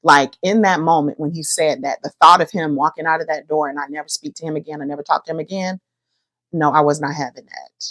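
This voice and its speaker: A middle-aged woman, hosting a podcast and chatting about her own life in a lively, animated way. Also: low voice, fast talker, dry recording. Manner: lively, chatty, addresses listeners as y'all. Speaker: podcast host. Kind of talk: personal storytelling to listeners.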